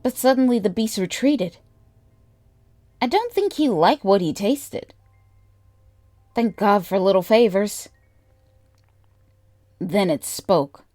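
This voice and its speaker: A woman narrating a first-person horror story in a measured, deliberate way. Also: mid-range voice, expressive, darkish tone, no echo, soft background music.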